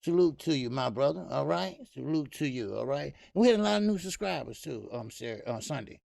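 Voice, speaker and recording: Gravelly, profane boxing stream host. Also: male voice, medium pitch, animated, fairly quick, a little mellow, no echo. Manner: loose, profane, rambling with many fillers. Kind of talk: casual live-stream commentary.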